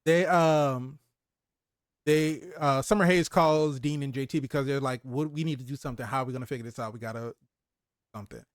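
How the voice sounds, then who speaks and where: A man co-hosting a casual movie review chat, retelling scenes with lively acted-out lines and frequent laughs. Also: mid-range voice, fairly quick, no echo, clean studio sound. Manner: animated retelling, acts out character lines, laughs often. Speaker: podcast co-host.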